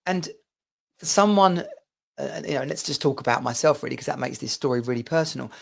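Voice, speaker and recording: A middle-aged Englishman chats to camera in a rambling, personal monologue. His mid-pitched voice has a gravelly, creaky edge. He talks loosely, with plenty of asides and restarts. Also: a little fast. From England. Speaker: vlogger.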